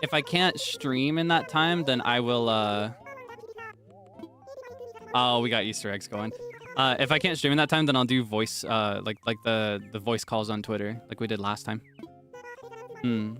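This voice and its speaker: Male streamer, bright ringing voice, easygoing rambling chat, soft game music under him. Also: a little slow, long pauses. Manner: chatty, rambling, with sudden high shouting outbursts. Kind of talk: casual gameplay chat.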